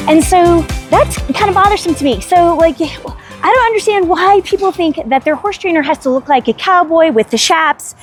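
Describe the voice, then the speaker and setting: A woman who is a veterinarian and animal trainer, talking casually and emphatically to camera at a horse ranch. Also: sits high.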